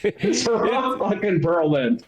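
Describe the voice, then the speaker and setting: A man co-hosts a laid-back movie podcast, cracking jokes and swearing freely. His voice sits a little high, and his mic picks up a noticeably echoey room. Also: lively intonation, takes it slowly. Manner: blunt, swears a lot, jokey. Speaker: podcast co-host. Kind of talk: casual chat about movies.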